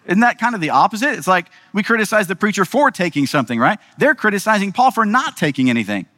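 Conversational preacher in a reverberant hall. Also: male voice, high voice, very animated, fast, pushed and bright. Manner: conversational, asks rhetorical questions with frequent "right?". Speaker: pastor. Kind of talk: sermon.

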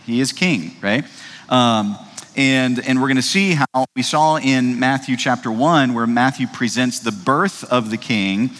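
Male pastor, mid-pitched, chatty sermon delivery with lots of "uh" and "right?", long church-hall echo. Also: measured pace, a bit bright. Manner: conversational, frequent fillers and tag questions; reads scripture aloud in old-fashioned wording.

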